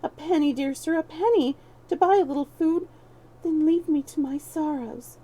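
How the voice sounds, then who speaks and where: A woman's voice: high voice, moderate pace, dark tone, pitched above the performer's own voice, close to an everyday voice, rough recording. A woman voicing a crafty young male street thief who mocks and schemes in archaic speech. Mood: scheming.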